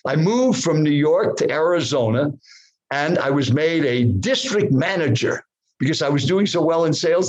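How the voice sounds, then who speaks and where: A man's voice: a little high, husky, low-quality recording. A man in his seventies, a podcast guest, telling his story dramatically and putting questions straight to the host and the listener. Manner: animated, addresses the host directly, poses questions to the listener. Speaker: guest speaker.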